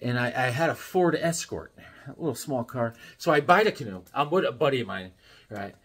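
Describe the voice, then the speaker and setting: A man's voice: medium pitch, animated, fairly quick, fairly bright tone, breathy edge. A middle-aged man chatting casually about his comic books, wandering off into jokey stories as he goes. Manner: rambling, jokey storyteller. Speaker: comic book collector vlogger. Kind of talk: casual show-and-tell chat.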